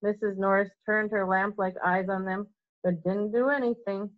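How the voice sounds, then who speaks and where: A woman teacher reading a novel aloud to children in a steady, expressive storytelling voice, on a dull lo-fi recording. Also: mid-range voice, normal speed, no room sound.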